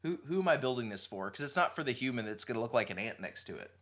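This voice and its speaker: A man's voice: mid-range voice, animated, fast, fairly bright tone. Rambling man thinking aloud. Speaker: podcast host. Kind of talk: casual conversational podcast.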